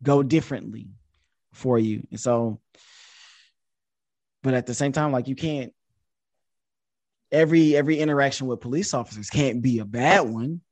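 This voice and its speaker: Man in his thirties, podcast guest, casual animated storytelling, mid-pitched voice, dry close mic. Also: moderate pace, long pauses, no echo. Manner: animated, jumps high in pitch when quoting himself. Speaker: podcast guest, social media influencer.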